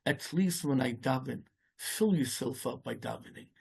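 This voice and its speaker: A rabbi giving a loose, conversational sermon, his voice gravelly and somewhat husky. He stops and restarts often and drops Yiddish and Hebrew words into his English as he goes. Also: expressive, darkish tone. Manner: halting, many restarts, peppered with Yiddish and Hebrew terms; storytelling, rising in pitch as the tale builds. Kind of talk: informal Torah talk.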